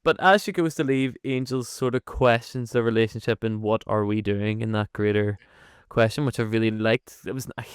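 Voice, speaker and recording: Animated man, smooth dry voice. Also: fairly low pitch, moderate pace, no echo. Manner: animated, swears freely, laughs often. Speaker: podcast co-host. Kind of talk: casual chat.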